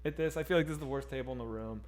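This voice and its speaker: A man co-hosting a streamed chat show, telling a story in an animated, excitable way and swearing freely. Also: medium pitch, racing. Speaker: podcast co-host.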